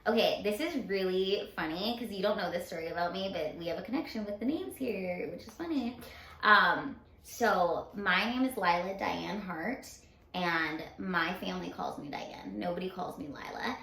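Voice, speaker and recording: A woman's voice: on the low side, moderate pace, sharp tone. Woman chatting in an echoey room. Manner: friendly, laughs easily. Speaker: podcast co-host. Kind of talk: casual chat.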